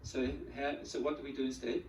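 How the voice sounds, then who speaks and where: A man giving a spiritual teaching talk to a group, animated, acting out the feelings he describes and often repeating words as he goes. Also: medium pitch, brisk, a little hiss or hum. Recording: echoey room, mic at a distance.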